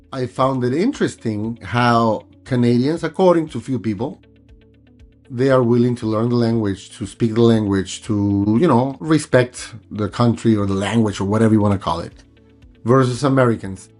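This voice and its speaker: A man's voice: medium pitch, moderate pace, a little mellow, soft background music. A middle-aged man, a native Spanish speaker originally from Mexico, hosting a casual, rambling vlog monologue and repeating himself often. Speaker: vlog host.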